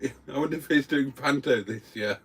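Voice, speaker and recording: A man's voice: mid-range voice, normal speed, fairly bright tone, slightly rough. An older man co-hosting a casual live stream, reading out viewer comments with wry, self-mocking banter.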